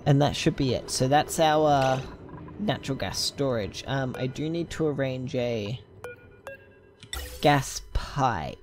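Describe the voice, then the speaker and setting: A man's voice: mid-range voice, slow, over music. A man giving casual gameplay commentary, thinking aloud with lots of ums and side tangents. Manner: rambling, thinking aloud with many fillers. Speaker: gameplay video host.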